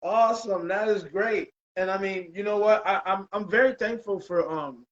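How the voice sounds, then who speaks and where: Male host, casual, slightly high, dull lo-fi sound. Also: moderate pace. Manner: laid-back, says "bro" and "man" a lot. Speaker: podcast host. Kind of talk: casual chat.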